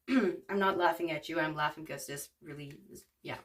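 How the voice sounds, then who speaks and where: A woman's voice: sits low, normal speed, a bit bright, far from the mic. A woman in her twenties giving a casual tarot reading to viewers, rambling with lots of fillers. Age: 20s. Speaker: tarot card reader.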